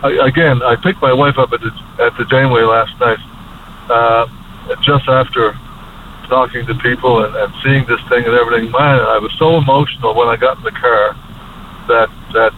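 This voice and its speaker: A man's voice: mid-range voice, steady tone. Man, radio caller, emotional and stumbling, phone-line sound. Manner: choked up, halting and repetitive. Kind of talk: emotional call-in talk. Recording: tinny phone line with faint hiss.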